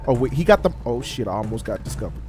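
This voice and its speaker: A man, commentating his co-op stealth game casually, excitable and joking, teasing his partner. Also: mid-range voice, fast, over music. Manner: excitable, jokey, trash-talks his partner, bursts into loud laughs. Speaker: gaming channel host.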